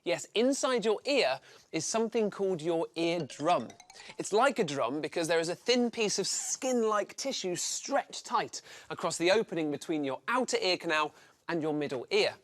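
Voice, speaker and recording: A man's voice: high voice, lively intonation, normal speed, fairly bright tone. A man presenting a children's science lesson, explaining enthusiastically step by step. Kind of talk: scripted science lesson for kids. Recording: music playing behind the voice.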